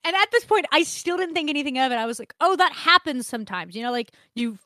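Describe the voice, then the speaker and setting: Young woman podcast co-host, casual storyteller, crisp bright voice, dry close sound. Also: high-pitched, fast, no echo. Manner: animated, swears freely, laughs often.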